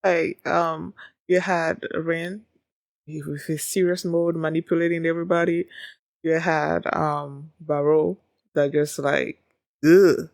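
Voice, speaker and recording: Woman reaction host, loose rambling delivery, slight vocal fry, dry close sound. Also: deep voice, no room sound. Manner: rambling, full of "like" and "um". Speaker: anime reaction channel host. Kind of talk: casual reaction chat.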